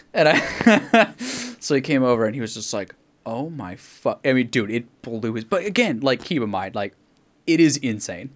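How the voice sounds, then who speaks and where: A man's voice: mid-range voice, lively intonation, normal speed. A man chatting casually about video games, rambling and swearing as he acts out quotes from friends. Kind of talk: casual gaming chat.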